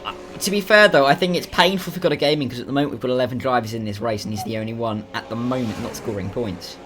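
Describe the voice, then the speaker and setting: A young man doing casual commentary on a sim racing stream, measured and hedging, often saying 'to be fair'. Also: mid-range voice, fairly bright tone, a little hiss or hum. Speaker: race commentator.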